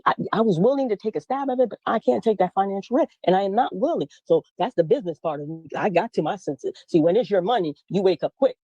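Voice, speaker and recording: A woman telling her story as an interview guest, animated and acting out the dialogue she quotes. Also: medium pitch, quick pace, hardly any pauses, no echo, lo-fi sound.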